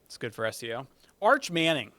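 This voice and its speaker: A man's voice: mid-range voice, big pitch swings, fairly quick, pushed and bright, dry recording. A man co-hosting a casual sports podcast, laid-back and chuckling as he gives his takes. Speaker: podcast co-host.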